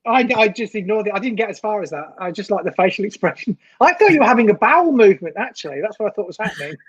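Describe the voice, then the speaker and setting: A woman's voice: mid-range voice, expressive, rapid-fire, slightly rough, no room sound, muffled recording. A woman co-hosting a football reaction stream, chatting casually with dry, teasing banter. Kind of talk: casual live match reaction chat.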